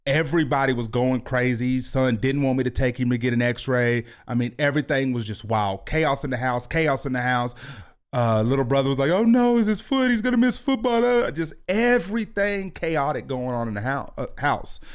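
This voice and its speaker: A man in his thirties, a youth football coach and podcast host, talking with high energy and an animated, hands-moving delivery. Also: moderate pace, smooth. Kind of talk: motivational podcast talk. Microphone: video podcast mic.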